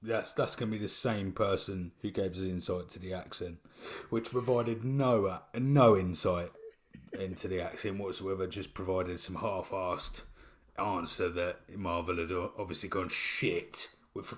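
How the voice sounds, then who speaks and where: British male co-host, lower voice, easygoing and reflective, lots of ums. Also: moderate pace. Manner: relaxed, thoughtful, with many fillers. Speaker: podcast co-host. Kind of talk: casual chat.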